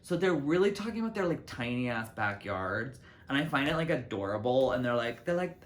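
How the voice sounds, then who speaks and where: A man's voice: fairly quick, hardly any pauses. A young man hosting his own solo talk show, rambling casually to the camera from his city apartment with lots of fillers and restarts. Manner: chatty, lots of "like" and restarts, lively swings in pitch and loudness. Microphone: camera mic.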